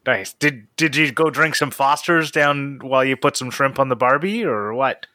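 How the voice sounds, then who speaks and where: A man's voice: mid-range voice, moderate pace, no echo, studio quality. A man hosting a casual podcast chat, joking and upbeat with his co-hosts. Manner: lively, joking. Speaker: podcast host.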